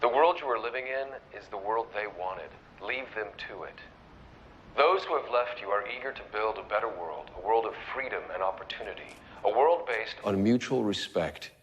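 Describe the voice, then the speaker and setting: An actor playing a defiant male rebel leader giving a solemn, measured speech to a nation in a dramatic film. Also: lowish voice, lively intonation, a bit bright, dull audio, a little hiss or hum.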